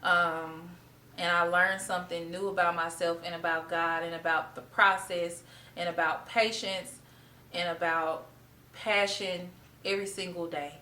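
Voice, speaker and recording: Chatty heartfelt woman vlogger, lowish voice. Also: flat delivery, measured pace, bright, forceful tone, slight background noise, low-quality recording. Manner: heartfelt, chatty, faith-filled storytelling. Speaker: vlogger, former middle school art teacher. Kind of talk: casual talk to camera.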